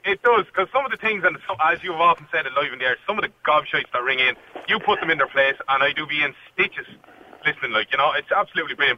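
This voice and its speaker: A man's voice: on the high side, animated, fast talker, lo-fi sound, slight background noise. A man with an Irish accent calling a radio show, chatty and teasing the host. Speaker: caller. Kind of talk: casual radio call-in chat.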